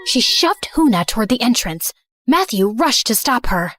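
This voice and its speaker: A woman narrating in first person as a remorseful, misunderstood teenage girl, earnest and soft. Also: fairly high pitch, big pitch swings, moderate pace, no echo, studio quality. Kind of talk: scripted story narration.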